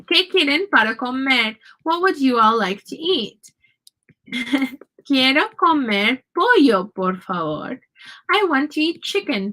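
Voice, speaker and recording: A woman's voice: sits high, sharp tone, rough recording. A woman teaching a casual Spanish lesson from home, saying Spanish phrases and their English meanings in a chatty, patient way. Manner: chatty, explains slowly, switches between Spanish and English phrases.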